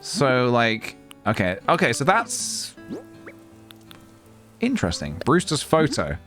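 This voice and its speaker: A man's voice: mid-range voice, wildly swooping pitch, slow pace, a bit bright. Giggly man chatting over game music. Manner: chatty, giggly, self-mocking. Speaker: streamer. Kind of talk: casual gameplay commentary.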